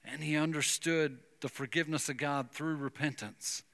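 A man preaching a sermon, retelling a Bible story with lively acted-out dialogue. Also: a little high, moderate pace, in a large hall. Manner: animated storytelling, acting out biblical dialogue. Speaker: pastor.

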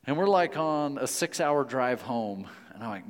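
Male preacher, anecdotal and playful, mid-pitched, long church reverb. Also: lively intonation, moderate pace. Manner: storytelling, playful, then hushed and earnest in prayer. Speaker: pastor. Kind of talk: sermon.

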